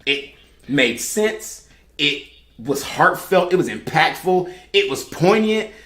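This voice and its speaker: A woman on a podcast panel, telling her story in an animated, emphatic way in casual chat. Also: sits low, slow pace, reverberant. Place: podcast studio room.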